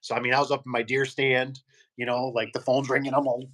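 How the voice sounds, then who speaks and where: A man's voice: medium pitch, little pitch movement, fast talker, fairly bright tone. A man, a garage door business owner, chatting casually and rambling through stories while acting out the people he quotes. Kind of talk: casual podcast chat.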